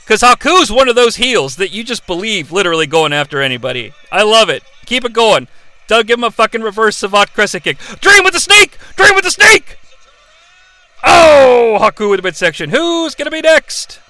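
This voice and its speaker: A man hosting a live watch-along of a wrestling match, calling the action in an excitable, profane way. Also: high voice, fairly quick, no room sound. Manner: excitable, profane, yelling play-by-play. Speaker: host.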